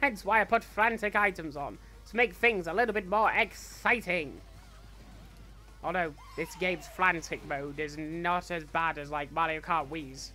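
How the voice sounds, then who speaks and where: With faint music behind him, a fan voice actor uses a fairly high, sharp-toned voice and an unhurried pace. He plays a cocky, greedy young male villain, bragging playfully through in-character gameplay commentary.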